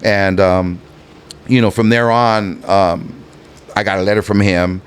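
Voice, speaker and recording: A man's voice: deep voice, fairly even intonation, measured pace, clean tone. A man in his fifties from the Los Angeles harbor area, telling stories as a podcast guest in a rambling, laid-back way. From Los Angeles harbor area, California. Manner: rambling, laid-back, many fillers and restarts. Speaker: guest, rapper. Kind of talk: casual storytelling interview.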